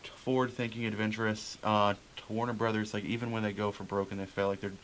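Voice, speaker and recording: A man's voice: fairly low pitch, little pitch movement, fast, a bit bright, slight background noise, rough recording. A man co-hosting a movie podcast in casual chat, stammering with many false starts. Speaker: podcast co-host.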